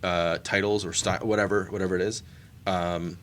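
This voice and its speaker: Lowish-voiced guy cohosting a beer podcast, lots of ums and laughs. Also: level tone, moderate pace, fairly bright tone, a little hiss or hum. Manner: laughs often, many fillers and restarts. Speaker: podcast co-host. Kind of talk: casual chat.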